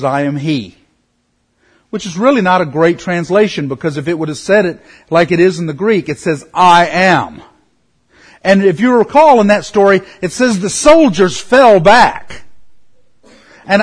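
A middle-aged man teaching a Bible study in an earnest way, slowing down to stress key words. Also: high voice.

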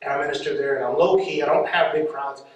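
A man preaching a storytelling sermon, lively and laughing often as he acts out voices. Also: a little high, fast. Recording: echoey hall, mic far off.

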